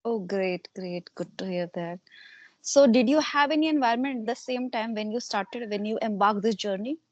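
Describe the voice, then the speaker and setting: A woman's voice: a little high, no room sound, lo-fi sound. A woman from India, a teacher politely asking questions in a conversation practice interview. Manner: polite, measured, asks questions. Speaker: English teacher and channel host.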